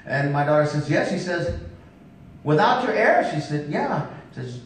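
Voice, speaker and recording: A man's voice: animated, normal speed. A man preaching at a revival, telling stories with emphatic calls of "come on now" to the congregation. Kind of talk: revival sermon storytelling. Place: church sanctuary. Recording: echoey church hall from far off, faint rumble.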